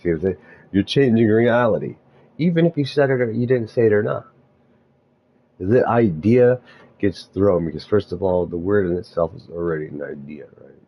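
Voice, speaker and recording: A man musing aloud in a meandering spiritual monologue, halting often and restarting his thoughts. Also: fairly low pitch, expressive, slightly rough, lo-fi sound.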